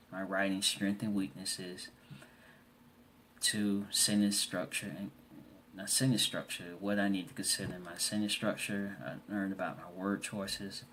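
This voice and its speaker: A man student reflecting aloud on a course reading for a discussion forum, halting and restarting often as he reads out quotes. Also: sits low, fairly bright tone, slight background noise.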